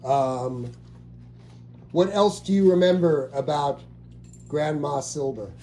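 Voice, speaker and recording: A middle-aged man talks casually with family, his voice mellow and a touch high. He rambles, restarting his sentences and filling gaps with little words. He asks questions about a relative. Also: slow. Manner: rambling, with many restarts and fillers.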